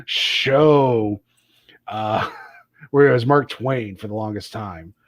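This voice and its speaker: A man co-hosting a podcast, giving relaxed, brief replies and dry jokes in casual chat about movies. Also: lowish voice, slow pace. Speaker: podcast co-host.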